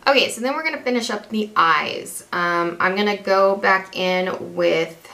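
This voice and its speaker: A woman's voice: medium pitch, lively intonation, normal speed, creaky, bright, forceful tone, slight background noise. A young woman chatting casually through a makeup tutorial as a beauty vlogger, rambling, self-deprecating and restarting her sentences.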